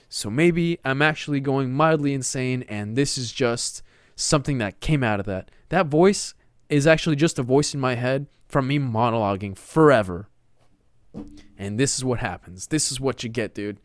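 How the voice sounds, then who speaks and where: A man's voice: medium pitch, moderate pace, smooth, dry recording. Young Texan man rambling casually, dry sound. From Texas. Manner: rambling, slangy, keeps saying dude and man; slips into a put-on showy voice. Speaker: podcast host. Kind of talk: solo casual monologue. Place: his own room.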